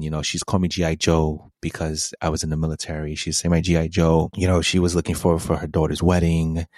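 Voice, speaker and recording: A man's voice: low voice, darkish tone, no echo. A man in his thirties co-hosting a podcast, telling a personal story in a rambling way full of fillers and laughs. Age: 30s. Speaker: podcast co-host.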